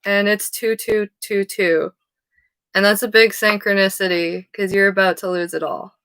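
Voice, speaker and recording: A woman's voice: mid-range voice, steady tone, normal speed, a bit bright, clean tone, no echo. A woman giving a casual tarot reading who rambles off-topic, swears freely and laughs at herself. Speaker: tarot card reader.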